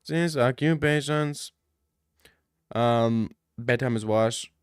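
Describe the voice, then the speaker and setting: A man's voice: mid-range voice, takes it slowly, smooth, no room sound, studio quality. A young man ranting jokily in a mocking comedic style, full of slang. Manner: slangy, jokey, slips into mock street talk.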